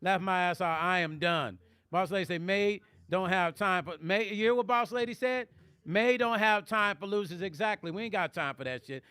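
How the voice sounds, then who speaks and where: Middle-aged man, high, bright voice, dry close sound, joking livestream banter. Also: smooth, no room sound. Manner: joking, playful banter, drawn-out teasing. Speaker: musician and vlog host reading live chat. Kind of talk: casual livestream chat.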